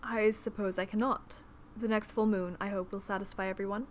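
A woman voicing a dry, mischievous nobleman who speaks in a low, understated, wry way in a storybook reading. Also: fairly even intonation, fairly quick, a little hiss or hum, lightly acted. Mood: resigned.

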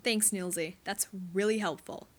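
A woman's voice: mid-range voice, normal speed, close to an everyday voice. Brief: woman voicing a strained young male captain, clipped and tight. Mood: tense. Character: young male hockey captain, tense and curt.

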